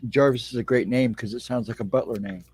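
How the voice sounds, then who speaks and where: A man's voice: mid-range voice, fast, darkish tone, a little hiss or hum. A man joining a live stream as a guest, making easygoing jokes in casual banter with the host.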